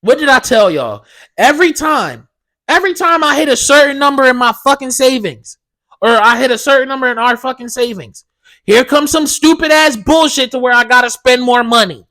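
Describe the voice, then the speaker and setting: A young man hosts his own podcast and rants hard, cursing all the way through. His voice sits high for a man and comes out bright and sharp, with a fired-up, profane edge. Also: animated, moderate pace. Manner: profane, heated ranting. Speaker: podcast host. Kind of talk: solo podcast rant.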